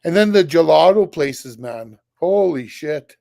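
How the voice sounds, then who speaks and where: A man speaks bluntly from home over a video call, swearing casually and often answering briefly. His voice is gravelly and somewhat high, and the sound is dry, with no room echo. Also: animated, measured pace, darkish tone. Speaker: guest YouTuber. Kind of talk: casual chat.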